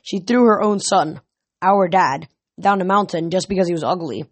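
A reader voicing a blunt, gruff teenage girl. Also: medium pitch, moderate pace, no room sound, natural voice. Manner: blunt, growling. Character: gruff teen girl from a forge cabin.

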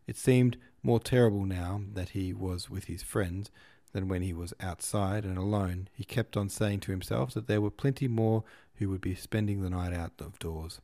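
A man with a low, mellow voice reads a classic novel aloud. His narration is measured and unhurried, the way a podcast host reads a book to listeners. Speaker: podcast host and audiobook reader.

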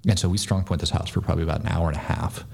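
A man's voice: low voice, steady tone, gravelly, a little mellow, slightly rough. A man, a former soldier and podcast guest, telling a story in a blunt, profane, casual way. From United States. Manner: blunt, profane, fast-talking.

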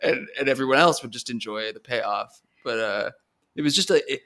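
A man co-hosting a podcast, chatting casually about TV shows with animated restarts and stumbles. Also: mid-range voice, fairly quick. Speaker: podcast co-host.

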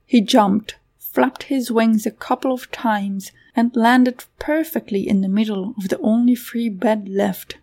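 A woman's voice: fairly high pitch, measured pace, a little mellow. A woman narrating a fantasy story aloud, giving the characters voices of their own. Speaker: audiobook narrator.

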